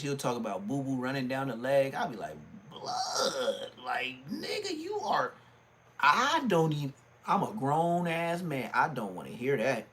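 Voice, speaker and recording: A middle-aged man, ranting on his livestream and often jumping into a high, mocking voice. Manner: animated, swings into high mocking voice. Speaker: livestream host.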